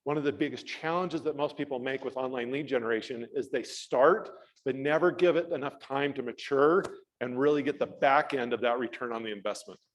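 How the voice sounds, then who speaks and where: A man giving a real estate training talk, animated and self-deprecating, acting out dialogue as he tells a story. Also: medium pitch, fairly quick, low-quality recording. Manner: self-deprecating humor, laughs at himself.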